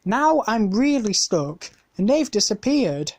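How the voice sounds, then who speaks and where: A woman's voice: medium pitch, takes it slowly, pitched above the performer's own voice, heavily acted. A woman voicing an eager, spirited young girl in a storybook reading. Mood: cheerful. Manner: excited, pleading.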